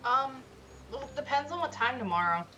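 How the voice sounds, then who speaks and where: A woman's voice: high voice, animated, normal speed, pushed and bright, lo-fi sound. A young woman chatting with friends on a stream, blunt and teasing. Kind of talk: casual chat among friends.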